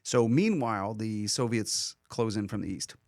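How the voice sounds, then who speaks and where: A man's voice: lowish voice, moderate pace, no echo. A man co-hosting a history lesson podcast, explaining in a casual way, with frequent "uh" fillers and the odd joking aside. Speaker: history teacher co-host.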